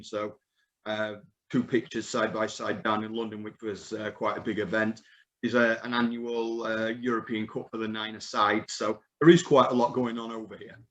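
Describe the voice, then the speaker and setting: A man in casual chat on a video call, explaining in a steady, measured way. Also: fairly low pitch. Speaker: club member co-hosting.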